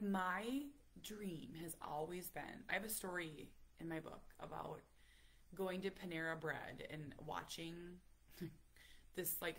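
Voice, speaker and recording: Husky-voiced woman chatting animatedly. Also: sits low. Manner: animated, chatty, many fillers, acts out quotes. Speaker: parent vlogger. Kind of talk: casual storytelling to camera.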